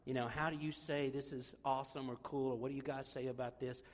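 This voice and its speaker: A man's voice: medium pitch, level tone, quick pace, in a large hall. A man preaching a sermon as pastor, conversational and self-deprecating, joking with the congregation.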